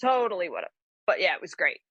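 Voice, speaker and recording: A woman from the New York area talks with a bright, forceful tone. She tells her story in an animated way, with many restarts and fillers. The sound is dry and close. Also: lowish voice, brisk, husky, no echo, muffled recording. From New York area, USA. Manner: animated, lots of fillers and restarts, acts out quotes. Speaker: guest author. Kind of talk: casual interview storytelling.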